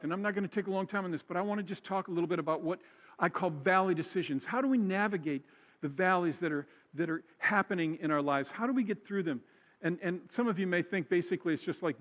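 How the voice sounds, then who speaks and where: A man's voice: high-pitched, fast talker, lo-fi sound. Man preaching in a reverberant church. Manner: conversational preaching, repeats key phrases for emphasis. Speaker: pastor. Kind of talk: sermon. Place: church sanctuary. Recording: church hall with long reverb.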